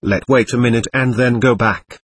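A man reading a gentle, soft-spoken young man. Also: mid-range voice, steady tone, moderate pace, slightly rough, no echo. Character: gentle, kind young man comforting others.

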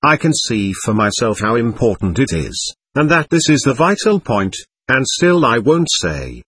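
A proud, defiant accused man with a husky, lively voice, bitter and scornful as he refuses to answer, read by a man in an audiobook. The voice is recorded close and dry. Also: medium pitch, a little slow, dry recording, exaggerated voice. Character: proud, defiant young man under questioning. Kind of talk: audiobook character reading.

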